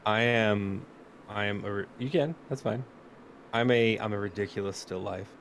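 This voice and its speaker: A man's voice: fairly low pitch, normal speed, gravelly, a little hiss or hum. A man co-hosting a casual podcast over a video call, talking emphatically and swearing freely. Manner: emphatic, profane, exclamatory. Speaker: podcast co-host.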